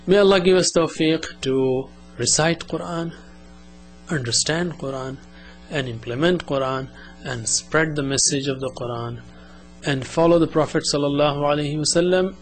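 A man teaching Quranic Arabic words to students, calling each word out and then repeating it softly in a patient, measured classroom manner. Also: on the high side. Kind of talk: classroom language lesson with repetition drills.

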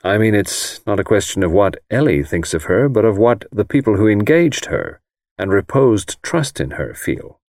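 A man reads a careful, disapproving older lawyer in an audiobook, formal and measured in every phrase. The voice sits low and moves with lively rises and falls. It is recorded close and dry. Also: no room sound. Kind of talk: audiobook character reading.

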